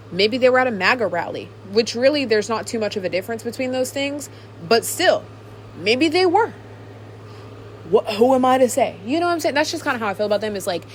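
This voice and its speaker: A woman with a slightly high voice holds forth in a casual, opinionated podcast chat. She talks animatedly, full of filler words. A faint hiss runs under her voice. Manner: animated, ranting, many fillers. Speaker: podcast host.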